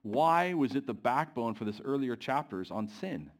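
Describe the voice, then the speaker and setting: A man delivering a sermon in a church, often pausing to put questions to the congregation. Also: medium pitch, animated. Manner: asks the congregation questions, pacing varies. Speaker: preacher.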